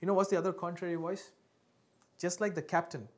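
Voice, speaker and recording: Man preaching with loud bursts and hushed asides. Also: sits high, level tone, brisk. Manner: emphatic preaching with sudden loud peaks and hushed drops; asks the congregation for responses. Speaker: pastor. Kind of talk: sermon.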